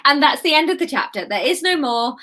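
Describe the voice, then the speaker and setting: A woman's voice: high-pitched, lively intonation, a little fast, sharp tone. A woman reading her own book aloud, breaking off into giggly, self-mocking asides. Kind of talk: casual read-aloud livestream.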